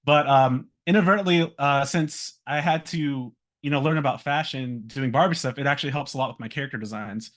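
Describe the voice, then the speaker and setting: A man in his thirties talks loosely and casually at a middle pitch, stacking up fillers and restarts. He laughs lightly now and then, and his voice sits in an ordinary register. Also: fairly quick, hardly any pauses, fairly bright tone. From Virginia, US. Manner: rambling, many fillers and restarts, laughs while talking. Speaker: guest speaker, animator. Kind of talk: casual talk about career.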